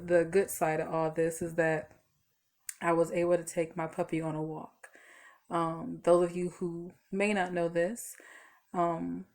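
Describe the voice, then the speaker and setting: A woman's voice: on the low side, vocal fry, darkish tone. A tired woman vlogging casually from home, rambling through stories with lots of fillers. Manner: chatty, rambling storytelling with fillers. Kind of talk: casual talk to camera.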